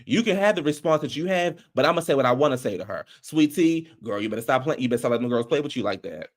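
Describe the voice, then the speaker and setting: A man reviewing a reality TV episode in casual commentary, ranting in an animated, profane way. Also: mid-range voice, fast talker.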